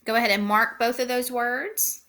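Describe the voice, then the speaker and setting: A woman teacher giving a recorded phonics lesson, speaking slowly and clearly and repeating each word for young learners. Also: a little high, steady tone, sharp tone. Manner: slow, clear instructional pacing with repeated words.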